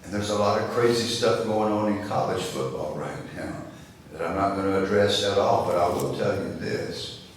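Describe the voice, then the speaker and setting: A man's voice: lowish voice, normal speed. An older man giving a storytelling speech to a breakfast gathering, folksy, acting out the voices in his tales. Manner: folksy, acts out dialogue in stories. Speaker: guest speaker. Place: chapel hall. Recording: echoey room from far off with faint noise.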